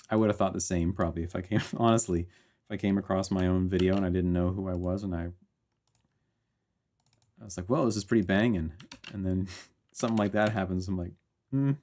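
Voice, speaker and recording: A man's voice: deep voice, flat delivery, normal speed, long pauses, warm tone. A man composing music on a live stream, chatting casually, reading viewer messages aloud and laughing often. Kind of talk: casual livestream chat while composing.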